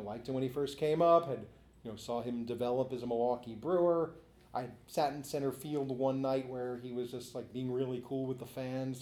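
A man's voice: medium pitch, dark tone. A middle-aged man, an author and interview guest, telling a long casual story, laughing often and using many "you know" fillers. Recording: roomy echo.

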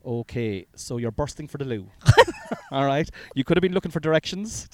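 A man's voice: mid-range voice, lively intonation, quick pace, darkish tone. A man hosting a casual comedy podcast, rambling with fillers and chuckles while running an improv game. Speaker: podcast host.

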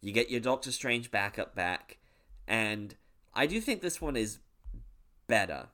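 A British man co-hosting a podcast, chatting about comics with animated, jokey asides. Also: on the low side, unhurried. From Britain. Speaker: podcast co-host. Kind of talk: casual comic book discussion.

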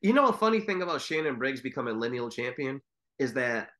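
A man's voice: mid-range voice, big pitch swings, fairly quick, a bit bright. A man co-hosting a podcast, chatting casually and rambling with swearing. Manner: rambling, swears, mimics commentators. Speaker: podcast co-host. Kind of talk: casual chat.

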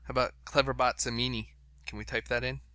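A man's voice: medium pitch, flat delivery, quick pace, pushed and bright, dry recording. A man hosting a podcast in casual chat, reading out web pages and laughing along. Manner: chatty, reads out web pages, laughs often. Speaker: podcast host.

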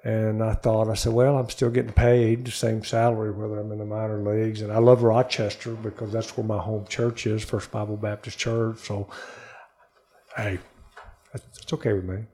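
Older guy with a gravelly voice telling a story in an interview, gets animated doing other people's voices. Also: fairly low pitch, moderate pace. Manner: animated storyteller who acts out quoted voices. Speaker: interview guest.

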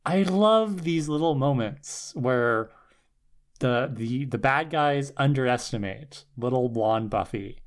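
A man's voice: mid-range voice, animated, takes it slowly. A man co-hosting a podcast, talking about a show with enthusiasm in casual chat. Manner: enthusiastic, some restarts. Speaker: podcast co-host. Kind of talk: casual fan discussion.

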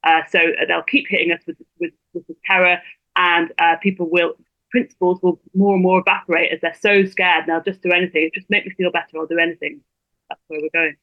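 Brief: rapid, articulate female guest on a dry, phone-quality line. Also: on the low side, flat delivery, no room sound. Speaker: guest blogger. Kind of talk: interview over a phone line.

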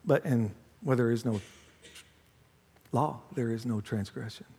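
A man preaching a sermon as pastor, mixing humorous family stories with hushed prayer. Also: mid-range voice, measured pace, gravelly, slight background noise. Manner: dramatic swings from loud to hushed prayer; humorous storytelling with laughs. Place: church sanctuary. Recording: long hall reverb.

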